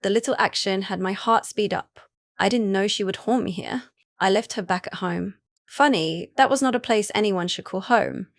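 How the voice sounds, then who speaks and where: A woman narrating a first-person romance audiobook in an even, unhurried reading voice. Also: mid-range voice, dry recording, studio quality.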